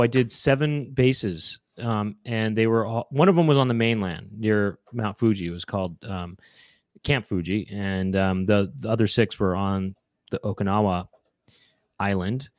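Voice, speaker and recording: Comedian guy rambling through a chat show, lowish voice, dry close sound. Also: moderate pace, dry recording. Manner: rambling, lots of fillers and restarts, jokey. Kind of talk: casual chat.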